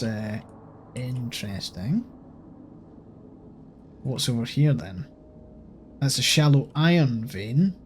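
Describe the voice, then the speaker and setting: Slow-talking Scottish man gaming. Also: on the high side, darkish tone, a little hiss or hum. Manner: thinking aloud, swears casually, reads on-screen text. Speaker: gaming channel host. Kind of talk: casual let's-play commentary.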